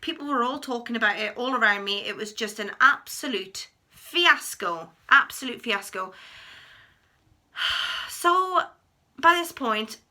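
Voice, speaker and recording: Bright chatty woman telling a story. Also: fairly high pitch, a little slow. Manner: chatty, animated retelling with acted quotes. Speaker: vlogger. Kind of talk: storytime vlog.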